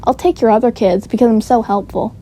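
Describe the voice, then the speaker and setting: A woman's voice: fairly high pitch, fairly quick, dark tone, a little hiss or hum, lightly acted. A woman voicing a flashy, careless rich uncle with a put-on Southern drawl, boastful and smug.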